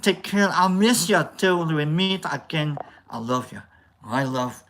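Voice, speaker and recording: Woman, put-on Scottish accent, slips into other accents, bright, very lively pitch, playful rambling livestream chat. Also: measured pace, a little hiss or hum. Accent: put-on Scottish accent, drifting into other accents. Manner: playful, rambling, self-mocking, swears freely. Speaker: livestream host reading chat. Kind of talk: casual live-stream chat.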